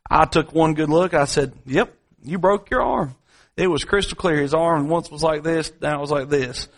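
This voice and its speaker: A man preaching a sermon, telling a story from home and then building to repetitive, dramatic appeals with slow, drawn-out emphasis. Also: on the high side, fairly even intonation. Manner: dramatic preaching, swings between drawn-out emphasis and quick asides; repetitive, rhetorical delivery.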